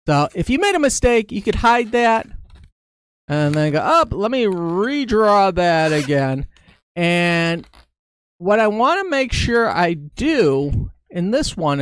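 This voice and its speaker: Guy teaching balloon drawing on a live stream, smooth clear voice, dry close mic, chatty. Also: high voice, dry recording. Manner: chatty, talks through each step as he draws. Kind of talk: casual live-stream tutorial.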